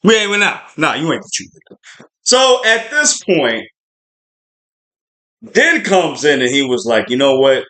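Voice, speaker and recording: A man's voice: on the high side, sing-song, measured pace, pauses often, bright, forceful tone. A man hosting a podcast livestream, reviewing a show in a chatty, rambling way with lots of fillers. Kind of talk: casual spoiler review livestream.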